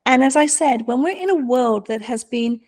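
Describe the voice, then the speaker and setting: A middle-aged woman telling stories in a conversation, animated and acting out the voices of the people in them. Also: on the high side, moderate pace. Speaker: guest, mentor. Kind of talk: conversational storytelling.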